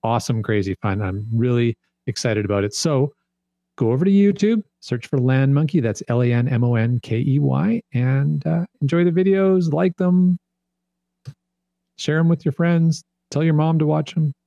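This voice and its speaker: Enthusiastic podcast guest, man, mellow warm tone, dry close sound. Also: medium pitch, normal speed, gravelly, no room sound, dull audio. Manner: upbeat, enthusiastic promoting. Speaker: podcast guest, geocaching video maker. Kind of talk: casual podcast chat.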